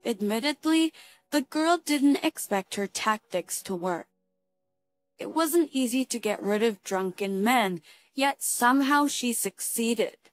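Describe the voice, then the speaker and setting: A woman narrating a dramatic story in an even, measured reading voice. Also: a little high, no echo, faint music behind.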